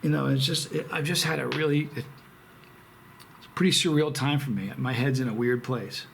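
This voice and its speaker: A man hosting a chili pepper channel, talking casually to camera in a rambling, halting, emotional way with many restarts. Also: mid-range voice, creaky, fairly bright tone, a little hiss or hum. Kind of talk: casual vlog talk to camera.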